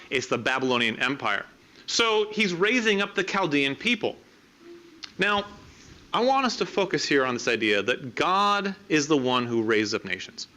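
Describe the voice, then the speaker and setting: A middle-aged man preaching a sermon, explaining scripture in a measured, teaching way and reading verses aloud. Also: high voice, sharp tone.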